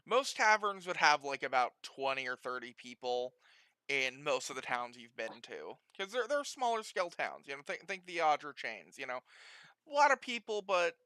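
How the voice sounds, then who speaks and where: Giggly, bright-voiced man running a tabletop game. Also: a little high, big pitch swings, normal speed, clear, resonant tone, no room sound. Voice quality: rambling and giggly, laughs often. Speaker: game master.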